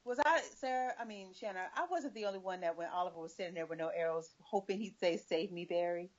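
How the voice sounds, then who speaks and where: A woman's voice: mid-range voice, fast talker, lo-fi sound. A woman co-hosting a casual TV recap podcast, playful and laughing a lot as she jokes. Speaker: podcast co-host. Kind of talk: casual chat.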